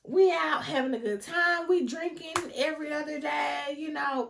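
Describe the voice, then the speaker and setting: A young woman telling a casual storytime vlog, animated and often laughing, talking straight to her viewers. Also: high voice, measured pace, vocal fry. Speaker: vlogger.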